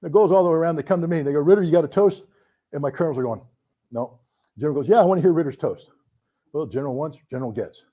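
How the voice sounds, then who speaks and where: A middle-aged man telling a story to an audience, animated, acting out the voices in his anecdotes. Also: a little high, very fast. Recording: dull lo-fi recording.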